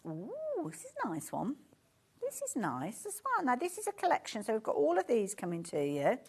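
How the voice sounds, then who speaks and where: A woman's voice: on the high side, huge pitch swings, brisk, darkish tone, husky. A woman with a Birmingham accent presenting fabric on a live shopping show, chatty and gushing and easily sidetracked, speaking from a studio. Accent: Birmingham English.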